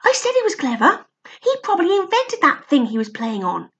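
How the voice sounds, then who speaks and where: An eager, impulsive young boy blurts out his words in a high, lively voice, put on by a woman reading aloud. A creaky edge sits under the brightness. The delivery is that of a read-aloud storybook. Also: fairly quick, highs cut off, exaggerated voice. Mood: excited. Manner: high excited exclaiming.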